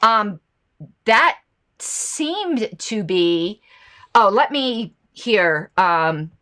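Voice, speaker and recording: A woman's voice: medium pitch, lively intonation, extremely slow, fairly bright tone. A woman hosting a political commentary show, talking casually and reacting to viewer comments and ads. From United States.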